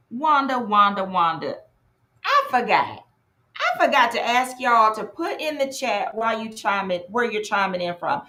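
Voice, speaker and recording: Slow-talking woman workshop host. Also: high voice, reverberant. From North Carolina. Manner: lively, chatty, greets viewers in the chat by name. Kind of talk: live online workshop talk.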